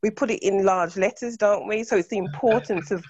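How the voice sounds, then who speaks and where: A woman's voice: mid-range voice, a little fast, a little mellow, a little hiss or hum. A woman in a Bible study explaining a point and seeking agreement. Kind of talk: group discussion. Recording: dull lo-fi sound.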